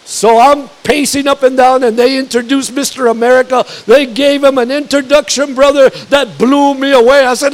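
An older male pastor with a strikingly high voice preaches a fiery sermon. He tells personal stories in a quick conversational way, then builds to shouted declarations. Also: fairly even intonation.

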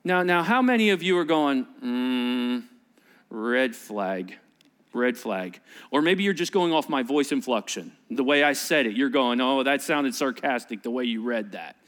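A male pastor delivering a sermon, animated and joking, acting out little voices and sarcastic asides. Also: mid-range voice, fairly quick, few pauses.

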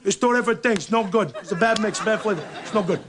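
A man's voice: high-pitched, quick pace, a bit bright. A man playing a fussy, rambling man picking ice cream in a comedy sketch. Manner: rambling, opinionated about flavors. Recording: crowd chatter behind.

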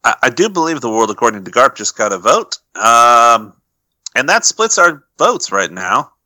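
A man hosting a podcast panel, briskly announcing matchups and tallying votes. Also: medium pitch, big pitch swings, pushed and bright, no room sound, rough recording. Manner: brisk, moderating. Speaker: podcast host and moderator. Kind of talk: casual chat.

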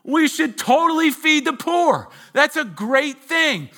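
A man doing a squeaky excited chicken. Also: takes it slowly, heavily acted. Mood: eager. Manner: chirpy, enthusiastic, squeaky high. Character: eager excitable chicken in a farm joke.

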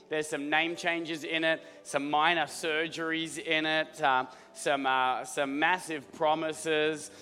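A man preaching as lead pastor, his voice rough and hoarse, rallying the congregation and clearing his throat often. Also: on the high side, fairly bright tone. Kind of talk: sermon. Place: church auditorium. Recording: hall reverb with faint music.

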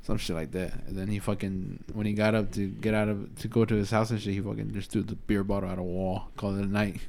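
A man co-hosting a casual podcast, telling profane stories in an animated way. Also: lowish voice, quick pace, gravelly. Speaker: podcast co-host. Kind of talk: casual chat.

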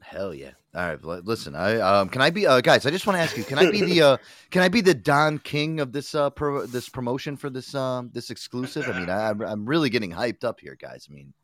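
A man's voice: mid-range voice, a little fast, hardly any pauses, dry recording, studio quality. A man hosting a casual radio talk show, rambling and swearing as he hypes up a guest. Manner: profane, rambling, excitable promoter talk. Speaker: host.

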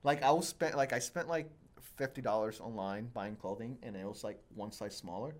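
This podcast host is a young man with a lowish voice and a moderate pace. He spins long, rambling tales at his own expense, casually chatting and leaning on plenty of fillers.

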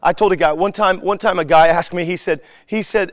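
A man teaching a live group in a relaxed, conversational way. He acts out bits of everyday dialogue as he tells his stories. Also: high voice, brisk, no echo, clean studio sound. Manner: animated storyteller who acts out dialogue.

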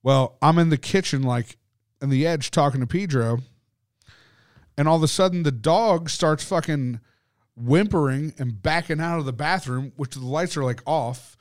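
A man's voice: fairly high pitch, normal speed, dry recording, clean studio sound. A man co-hosting a podcast, telling a ghost story in casual chat, swearing often and rambling with lots of fillers. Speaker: podcast co-host.

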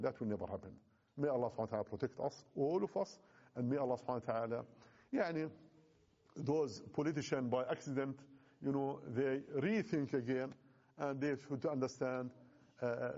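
A man's voice: mid-range voice, dark tone, dull audio. A man, not a native English speaker, giving an impassioned address to Muslim youth, emphatic and repeating his phrases.

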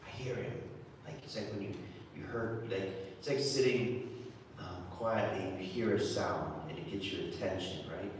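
A man's voice: on the low side, moderate pace, a little hiss or hum. A man giving a homily, talking conversationally and often repeating words as he restarts. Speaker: preacher. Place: church. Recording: echoey church from far off.

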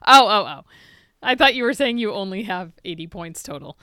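Animated, bright woman as a playful quiz contestant, easily amused; dry close recording. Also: mid-range voice, fairly quick, dry recording. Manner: lively, protesting, easily amused. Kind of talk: casual chat.

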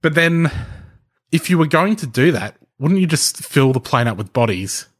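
A man's voice: fairly high pitch, big pitch swings, moderate pace, slightly rough. A man co-hosting a podcast, casually explaining a story to his co-host while thinking aloud, restarting sentences and laughing lightly. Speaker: podcast co-host presenting the research.

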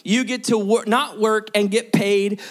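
A male pastor preaching a lively sermon and calling on the congregation to respond. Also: high-pitched, unhurried, soft background music.

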